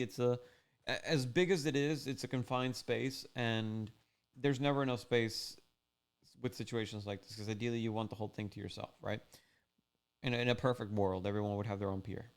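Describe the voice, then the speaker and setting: Chill guy rambling thru a fishing story, smooth clear voice, mid pitch. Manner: rambling, laid-back, full of "like" and "you know". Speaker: fishing channel host. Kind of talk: casual storytelling recap.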